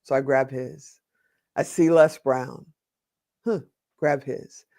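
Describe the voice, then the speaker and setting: A man's voice: mid-range voice, fairly even intonation, dark tone, dry recording, clean studio sound. Earnest man telling his story. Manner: earnest, slows down for emphasis. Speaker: podcast guest. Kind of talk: personal storytelling in an interview.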